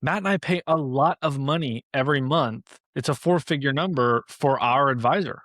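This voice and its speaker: A man's voice: mid-range voice, normal speed, fairly bright tone, no echo, studio quality. Chatty man hosting a business podcast. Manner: casual, chatty, many fillers and restarts. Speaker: podcast host. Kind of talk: podcast interview conversation.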